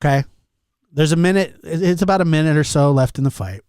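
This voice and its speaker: A young man hosting a podcast, telling a story in a casual, animated and exasperated way, acting out what others said. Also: on the high side, fast, clear, resonant tone, no room sound. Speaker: podcast host.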